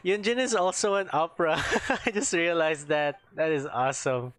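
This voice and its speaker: A man's voice: a little high, normal speed, fairly bright tone. A man streaming a game, chatting casually and rambling as he searches for words. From Philippines. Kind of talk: casual gameplay chat.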